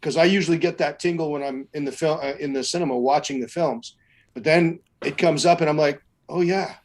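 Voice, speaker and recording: A man, a voice actor, speaking in a measured, slightly halting way on a video call. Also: on the high side. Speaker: voice actor guest. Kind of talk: casual group chat.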